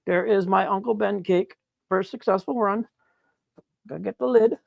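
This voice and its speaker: A man chatting excitedly on a live stream as he works on his mushroom grow, laughing and apologizing often. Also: high-pitched, normal speed, creaky, dry recording, dull audio. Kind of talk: live-stream chat while working. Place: grow room, indoors.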